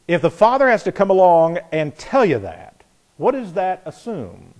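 A man preaching a sermon, animated, telling stories and asking rhetorical questions. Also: high voice, normal speed. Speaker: pastor.

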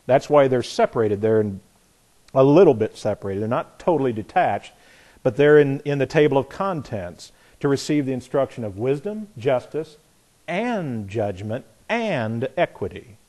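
A man preaching a sermon, animated, telling stories and asking rhetorical questions. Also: mid-range voice, moderate pace. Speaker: pastor.

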